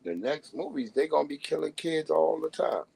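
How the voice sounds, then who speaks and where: A man's voice: fairly high pitch, expressive, moderate pace, gravelly, a little mellow, slightly rough, no room sound, poor audio. A man on a live stream, ranting bluntly in casual talk and acting out the voices of people he quotes. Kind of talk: casual profane rant.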